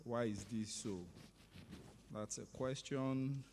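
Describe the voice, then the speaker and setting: Slow, measured man moderating a hall. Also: mid-range voice, a little mellow, a little hiss or hum. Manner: measured, reads out audience questions. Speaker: event moderator. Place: large conference hall. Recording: long hall reverb.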